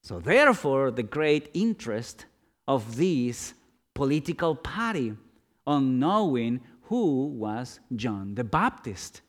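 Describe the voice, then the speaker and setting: A man preaching a sermon, dramatic, swinging from loud questions to hushed, low-spoken lines. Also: very animated, slow pace.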